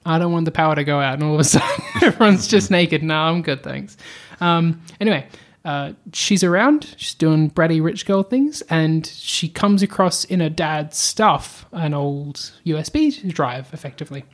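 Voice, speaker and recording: A woman co-hosting an anime podcast, retelling the plot in a chatty, animated way full of fillers. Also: low voice, normal speed. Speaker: podcast co-host. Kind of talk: casual anime podcast chat.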